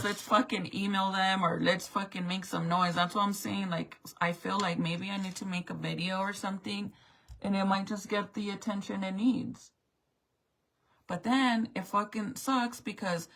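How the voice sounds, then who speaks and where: A woman's voice: lowish voice, a bit bright, rough recording. A middle-aged woman venting to her viewers in a profane, exasperated rant. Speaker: vlogger. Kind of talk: angry rant to camera.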